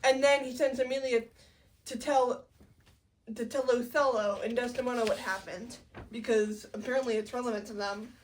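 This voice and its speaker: A woman's voice: fairly high pitch, steady tone, moderate pace, distant mic, a little hiss or hum. A woman casually recapping a play as co-host, chatty with wry asides.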